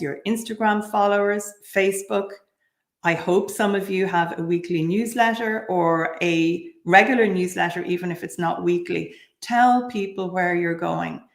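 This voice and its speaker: A woman's voice: lowish voice, creaky, reverberant. A woman giving direct, practical advice on selling at craft fairs, with frequent ums. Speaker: craft business speaker.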